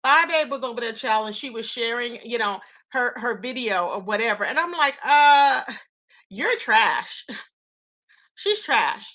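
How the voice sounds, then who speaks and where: Animated, bright-voiced woman gossip streamer. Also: on the high side, measured pace, muffled recording. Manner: animated, chatty, slangy, reading chat names aloud. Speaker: YouTube commentary host. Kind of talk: live-stream gossip commentary.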